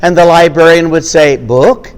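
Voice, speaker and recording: A man tells a farm tale to families in a slow, drawn-out way, his pitch leaping up and down as he acts out the animal noises. His voice rings with a long reverb. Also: big pitch swings. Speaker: storyteller. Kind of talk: family storytelling with puppets.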